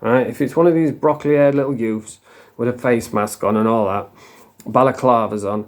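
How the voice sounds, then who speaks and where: A man's voice: medium pitch, normal speed, darkish tone. A man with a South Yorkshire accent ranting angrily to camera, swearing heavily and rambling scornfully. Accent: South Yorkshire English. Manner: rambling with mocking put-on voices. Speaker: vlogger. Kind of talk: casual rant to camera.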